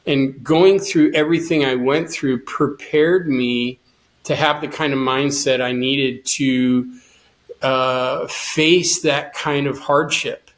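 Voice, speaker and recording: A man's voice: mid-range voice, steady tone, takes it slowly. A middle-aged man, a guest on an interview show, telling his story earnestly and quoting his own past thoughts. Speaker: guest, cancer survivor and swimmer.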